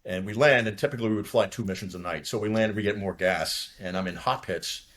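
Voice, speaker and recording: A man's voice: fairly low pitch, a bit bright. A man in his sixties from near Boston, a retired fighter pilot telling a war story in casual, profane, rambling talk. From from near Boston, USA. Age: 60s. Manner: rambling, profane, talks fast when nervous.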